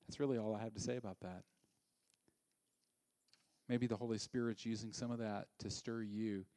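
Animated man preaching a sermon. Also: lowish voice, normal speed, no room sound. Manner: animated, dropping to a hushed near-whisper for emphasis. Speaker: pastor.

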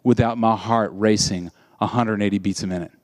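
A man voicing a rough, blunt retired male cop who speaks plainly. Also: on the low side, fairly even intonation, fairly quick, a little mellow, voice pushed down, close to an everyday voice. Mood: haunted.

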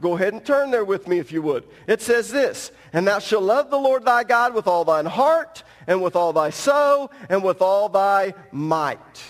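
High-voiced man preaching in a reverberant hall. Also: lively intonation, moderate pace, few pauses. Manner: emphatic, teaching, addresses congregation directly. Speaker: pastor. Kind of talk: sermon. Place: church sanctuary at the pulpit.

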